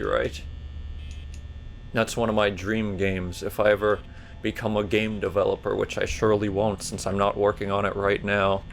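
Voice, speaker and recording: Male let's player, low gravelly voice, rambling jokey gameplay commentary, burpy, yelps high when startled. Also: a little hiss or hum. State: burpy while talking.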